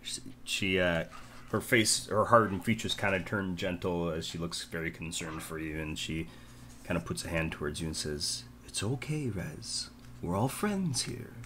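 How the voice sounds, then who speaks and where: Low-voiced young game master. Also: male voice, level tone, moderate pace, sharp tone, a little hiss or hum. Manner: loose, joking, filler-heavy narration. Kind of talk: narrating a tabletop game.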